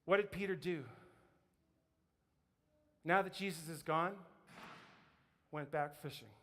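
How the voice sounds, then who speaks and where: A man preaching a sermon as pastor, telling a story in a lively way, acting out voices and laughing often. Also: a little high, takes it slowly, long reverb tail. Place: church sanctuary.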